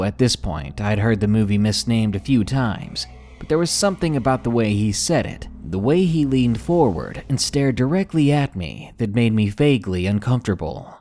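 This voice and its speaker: A man reads a scary story as a scripted narration, his pitch moving expressively. Soft music plays quietly behind him.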